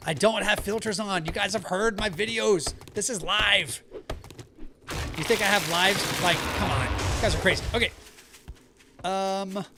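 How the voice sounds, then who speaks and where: A man's voice: high-pitched, background noise. A man from the American South chatting casually with viewers while playing a survival game live, talking with a neutral accent. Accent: neutral American, Southern only when angry. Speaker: streamer. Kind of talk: live gameplay chat.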